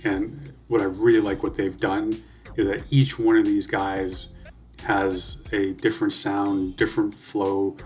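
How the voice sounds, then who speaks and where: A man's voice: fairly low pitch, level tone, measured pace, darkish tone. A Canadian man hosting a music reaction video, talking casually, swearing freely and thinking aloud with lots of fillers.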